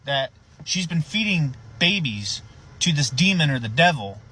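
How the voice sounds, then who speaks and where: A man's voice: fairly high pitch, sing-song, normal speed, noisy background. A man, a sheriff's deputy, telling a story casually and animatedly, swearing and acting out the voices of the people in it.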